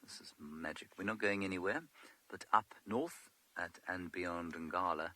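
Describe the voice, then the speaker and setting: A man guiding a live safari drive outdoors, talking in a hushed, amused, wry way and often whispering. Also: low-pitched, a little slow, poor audio. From South Africa. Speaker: safari guide presenting a live game drive. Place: open game-drive vehicle outdoors in the bush.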